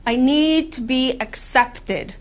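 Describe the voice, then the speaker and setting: A woman as a therapy client, speaking in a heartfelt, halting way with emotional pauses, on a dull lo-fi recording. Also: sits high. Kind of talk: emotional therapy role-play.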